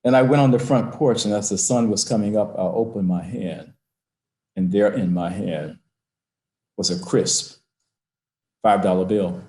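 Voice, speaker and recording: Older man, low voice, heartfelt storytelling, video call, echoey room. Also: unhurried, long pauses, dark tone. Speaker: guest speaker. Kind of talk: personal storytelling.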